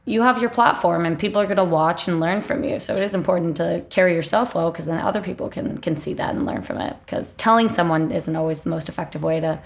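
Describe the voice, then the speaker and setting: Gravelly-voiced woman host, affirming. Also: on the low side, quick pace, hardly any pauses. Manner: affirming and thoughtful, many fillers. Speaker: podcast host. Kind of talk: interview conversation.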